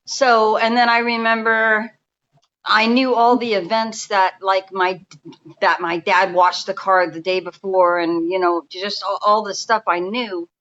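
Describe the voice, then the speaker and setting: Bright-voiced New woman in her fifties. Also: medium pitch, flat delivery, a little slow, lo-fi sound. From New York. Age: 50s. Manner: rambling, restarts often, speaks in a confiding way. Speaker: guest energy healer. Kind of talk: casual storytelling interview. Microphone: remote call.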